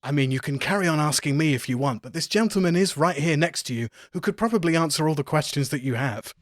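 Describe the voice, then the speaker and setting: A man's voice: quick pace, no room sound, clean studio sound, natural voice. A man voicing a courteous, secretive older man in hiding in a tabletop game, speaking in a polite, genteel manner. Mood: patient. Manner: polite, genteel, higher put-on voice.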